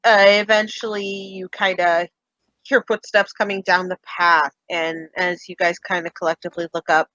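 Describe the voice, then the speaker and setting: A woman narrating as game master of a tabletop game, relaxed, with lots of fillers. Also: on the low side, moderate pace, dry recording, lo-fi sound. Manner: relaxed, with many fillers and "kinda".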